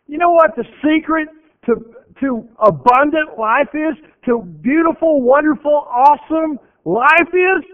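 A male preacher delivers an earnest, emphatic sermon in a very high voice, repeating phrases to drive points home. The sound is thin and tinny, like a radio broadcast carried over a phone line.

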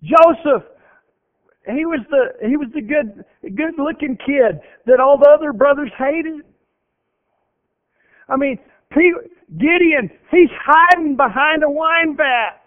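A man's voice: extremely high pitch, slow. A man preaching a sermon, earnest and emphatic, often repeating phrases for effect. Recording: tinny phone-like radio broadcast.

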